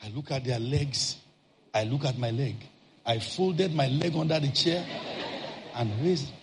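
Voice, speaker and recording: A man preaching, telling a personal story in an animated way and acting out shouted outbursts. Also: mid-range voice, unhurried, gravelly, noisy background.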